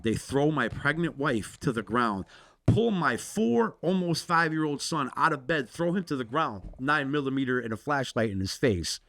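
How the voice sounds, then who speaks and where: A man's voice: medium pitch, a bit bright. A middle-aged man telling a story in casual talk, swearing freely and acting out both sides of the conversations. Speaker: podcast guest.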